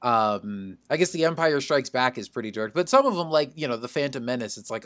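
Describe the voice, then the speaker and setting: A man hosting a podcast in a relaxed, hesitant way, asking questions between fillers. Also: mid-range voice, fast. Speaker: podcast host. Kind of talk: casual chat.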